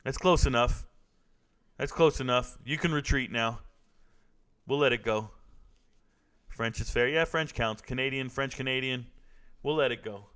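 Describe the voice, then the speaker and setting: A man's voice: mid-range voice, a little slow, pauses often, a bit bright, clear, resonant tone. A young man hosting a casual live stream, joking and trash-talking as he reads viewer comments. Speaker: livestream host reacting to fights.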